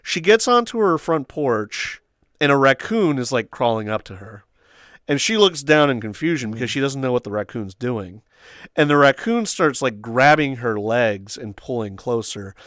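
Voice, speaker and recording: A young man hosting a casual chat with friends, telling stories with animated quoting and loud shrieked impressions. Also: mid-range voice, moderate pace, no room sound, clean studio sound. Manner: animated storytelling, acts out quotes in squeals and shrieks. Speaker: host.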